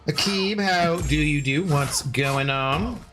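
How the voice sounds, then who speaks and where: A man's voice: on the high side, slow pace. A young man streaming a game, chatting casually and jokingly with his viewers as he plays. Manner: chatty, rambling, joking with chat.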